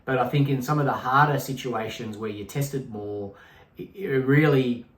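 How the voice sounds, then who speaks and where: A man's voice: medium pitch, normal speed. A middle-aged man co-hosting a podcast, talking in a reflective, rambling way with frequent restarts. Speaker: podcast co-host. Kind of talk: casual conversational chat. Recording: echoey room.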